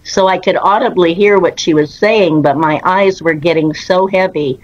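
A woman guest in an interview, telling her personal story in an earnest, unhurried way with quoted dialogue. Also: fairly low pitch, no room sound, highs cut off.

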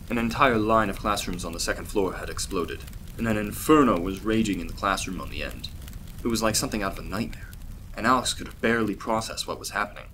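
A man reading a fictional story aloud as a steady, even narrator. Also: lowish voice, slight background noise.

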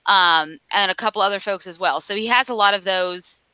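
Bright, clear-voiced woman chatting casually. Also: mid-range voice, a little fast, dry recording, poor audio. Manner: chatty, rambling recap with fillers. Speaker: podcast co-host. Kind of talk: casual comic book discussion.

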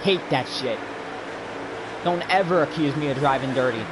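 A man's voice: medium pitch, moderate pace, heavy background noise. A man streaming a racing game, ranting angrily and swearing nonstop at another player. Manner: furious, profane, ranting. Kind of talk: angry rant during live racing game stream.

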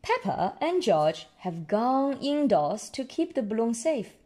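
A woman reading a picture book aloud to a child, gently explaining words along the way. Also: fairly high pitch, very animated, takes it slowly. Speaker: storyteller.

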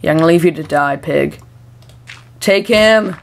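A young woman talking through a video game as she plays, chatty and excitable, breaking into frantic shouts when startled. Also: deep voice, quick pace, gravelly, a little hiss or hum. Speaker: gameplay commentator. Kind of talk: let's play commentary.

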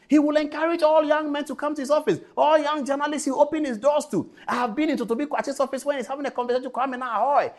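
Emphatic Ghanaian-accented male TV host. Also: very high voice. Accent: Ghanaian English. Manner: emphatic, repeating phrases for effect. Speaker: TV talk show host. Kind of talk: impassioned political commentary.

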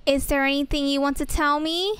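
Lady voicing a stern mother, firm, high voice. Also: steady tone, a little fast, a bit bright, no room sound. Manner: firm, scolding. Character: stern strict mother of a teen.

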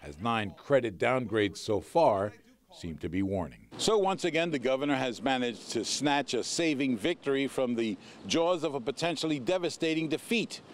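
Male TV news reporter, measured delivery. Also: mid-range voice, lively intonation.

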